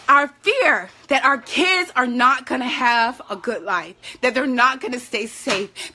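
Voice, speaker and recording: A woman's voice: high-pitched, expressive, unhurried, hardly any pauses, pushed and bright. A woman speaking candidly and emotionally to other parents, tearful at times. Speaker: parent support vlogger. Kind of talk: heartfelt talk to camera.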